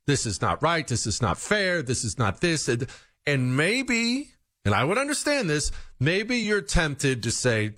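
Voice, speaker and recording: Male commentator, very lively delivery, dry close mic, rhetorical and conversational. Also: normal speed, no echo. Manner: animated, rhetorical questions, mock-quotes in a higher voice. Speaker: political commentator. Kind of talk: opinion monologue to listeners.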